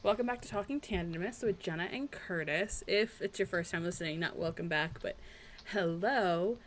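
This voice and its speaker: A woman's voice: lowish voice, normal speed. A woman co-hosting a podcast in casual chat, rambling and chatty with lots of fillers. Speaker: podcast co-host.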